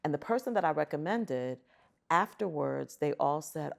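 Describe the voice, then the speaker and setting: A middle-aged woman, a guest on an interview show, telling stories in an animated, emphatic way. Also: deep voice, normal speed, gravelly. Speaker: guest, arts center chief executive. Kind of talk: conversational storytelling.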